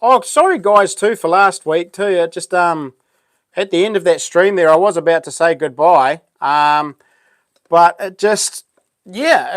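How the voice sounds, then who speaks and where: A man's voice: sits high, no echo, clean studio sound. A man with a New Zealand accent hosting a casual live stream, chatting in a laid-back, rambling way with plenty of ums.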